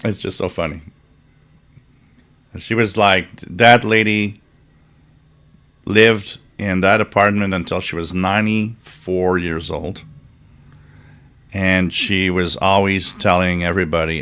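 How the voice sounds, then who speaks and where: A man's voice: deep voice, steady tone, takes it slowly, long pauses, fairly bright tone, clean tone. A man hosting a live stream, telling rambling stories with chuckles and fillers and reading out viewer comments. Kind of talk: casual chat.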